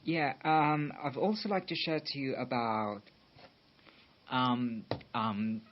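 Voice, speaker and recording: A man's voice: medium pitch, steady tone, slow. A man with an Essex accent, a guest on a radio interview, giving brief hesitant answers with fillers. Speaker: guest blogger. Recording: dull lo-fi radio recording.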